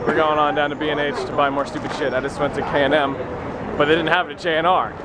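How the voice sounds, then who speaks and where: A young man vlogging casually as he walks through a city, joking and excitable, swearing now and then. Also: on the high side, fast talker. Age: young adult. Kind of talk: casual vlog walk-and-talk. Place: busy city street outdoors. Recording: loud street noise behind. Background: traffic and city bustle.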